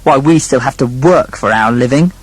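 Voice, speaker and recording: A man's voice: medium pitch, moderate pace, husky, no echo, natural voice, low-quality recording. A man voicing a jealous, scheming eldest brother who is a miller, blustering and sneaky. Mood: grumbling.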